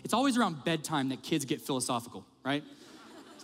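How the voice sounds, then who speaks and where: Animated pastor preaching in a hall. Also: male voice, on the high side, fast. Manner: animated, conversational storytelling. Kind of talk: sermon. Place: church auditorium. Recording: long hall reverb with faint music.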